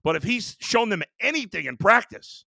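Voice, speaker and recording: A man's voice: sits high, sing-song, moderate pace, gravelly, pushed and bright, no echo, clean studio sound. A man hosting a sports show, ranting in a heated, exasperated way about his team. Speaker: sports talk host. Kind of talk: sports rant.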